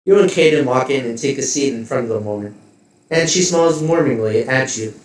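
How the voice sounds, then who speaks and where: A man running a tabletop game, walking through scenes in vivid detail and tossing in joking asides. He speaks at a middle pitch. The recording sounds roomy, with the mic a little distant. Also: fairly quick. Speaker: game master.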